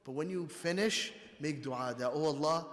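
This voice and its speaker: A man's voice: on the high side, normal speed, a bit bright. Urdu-speaking man preaching in a reverberant hall. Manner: storytelling, conversational preaching. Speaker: guest speaker at a mosque. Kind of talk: sermon. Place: mosque hall. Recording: long reverb of a mosque hall.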